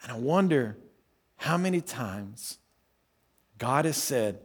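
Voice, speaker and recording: Conversational pastor preaching a fiery evening sermon. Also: male voice, lively intonation, slow pace, long pauses, long reverb tail. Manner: conversational preaching with rhetorical questions; swings between loud emphatic lines and quiet low asides. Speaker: lead pastor. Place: church service before a congregation.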